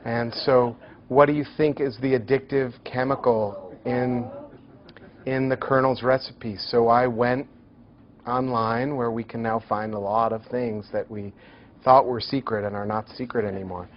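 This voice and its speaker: A man's voice: medium pitch, unhurried. Man lecturing in a hall, jokey storyteller, mid voice, kinda muffled with faint hiss. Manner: lively, joking storyteller. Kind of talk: university lecture.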